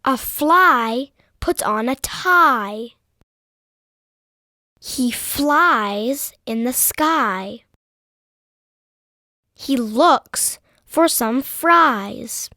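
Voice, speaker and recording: A woman reading activity answers for children, slow and careful. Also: high-pitched, animated, bright, forceful tone, no room sound, clean studio sound. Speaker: lesson co-presenter answering activities.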